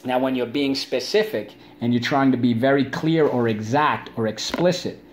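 A man runs an online spelling lesson for children, drilling words through call-and-repeat chants and jumping into playful high-pitched asides. He speaks at normal speed, with slight background noise.

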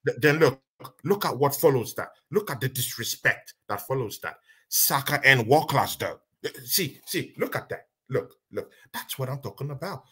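A man, co-hosting a casual football podcast, talking in an animated, exasperated way and repeating himself. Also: medium pitch, moderate pace, husky. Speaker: podcast co-host.

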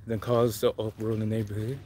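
A man's voice: on the low side, little pitch movement, fast, mellow, a little hiss or hum. A man chatting casually while out walking, heard off-mic from a camera another person holds. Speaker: vlogger's husband. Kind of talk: casual chat. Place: outdoors in a neighborhood street.

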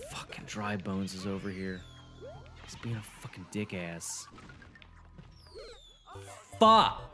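A young man commentating his own gameplay, swearing, boasting and getting frustrated as he talks to a friend. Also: deep voice. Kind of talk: swearing let's-play commentary.

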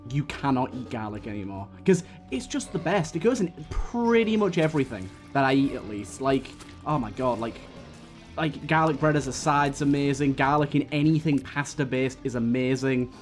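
A chatty man talks his way through a game run, full of fillers and quick restarts, with the odd hiccup breaking in. His voice sits at an ordinary middle pitch, and soft game music plays faintly underneath. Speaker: gaming YouTuber. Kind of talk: casual gameplay commentary.

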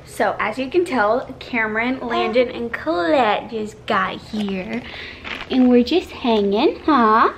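A young woman chats to her handheld camera at home, her voice a little higher than most. She rambles easily through a family vlog with plenty of likes and fillers, and a faint hum of the room sits underneath her. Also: expressive, slow pace, low-quality recording. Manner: chatty, filler-heavy, drops to a hushed murmur at times. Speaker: vlogger. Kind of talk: casual family vlog chat. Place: home, indoors.

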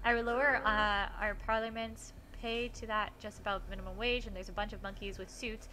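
A woman streaming a game, chatting casually and often yelling at the action. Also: mid-range voice, level tone, fairly quick, slight background noise. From United States. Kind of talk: casual gaming stream chat.

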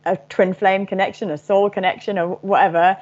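A woman's voice: mid-range voice, steady tone, fairly quick, a little mellow, highs cut off. A woman channeler speaking casually and frankly about spirituality, swearing now and then.

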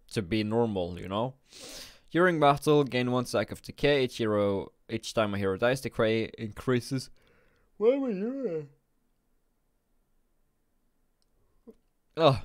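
A man's voice: medium pitch, no echo, clean studio sound. Drowsy man rambling through game commentary. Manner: rambling, thinking aloud with frequent restarts. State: drowsy, just woke up and yawning. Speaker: gaming video creator.

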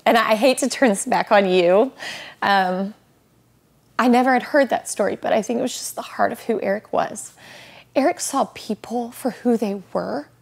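A woman, a guest on an interview, talks in an earnest, heartfelt way about faith and loss, slowing and softening on key words. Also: on the high side, vocal fry, slightly rough. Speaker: guest, widow sharing her story.

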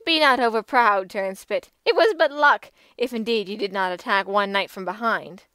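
A woman reading an audiobook, voicing a haughty young noble damsel who mocks and scolds in a shrill, indignant way. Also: normal speed, fairly bright tone, clean tone, no room sound, natural voice. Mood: scornful.

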